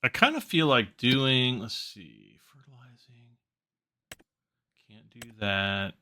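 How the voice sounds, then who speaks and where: A man hosting a farming game video, chatting casually and thinking out loud as he plays. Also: mid-range voice, big pitch swings, slow pace. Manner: chatty, thinking aloud while playing. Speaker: gaming channel host. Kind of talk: casual gameplay commentary.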